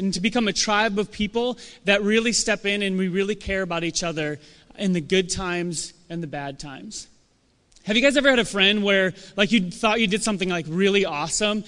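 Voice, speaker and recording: A young man giving a casual, animated sermon to a church audience, acting out quoted voices as he talks. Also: high-pitched, smooth. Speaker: church speaker. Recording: long hall reverb.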